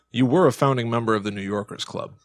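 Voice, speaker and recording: A man's voice: mid-range voice, brisk, no room sound, studio quality. A man co-hosting a casual podcast, joking and tossing in playful asides. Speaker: podcast co-host.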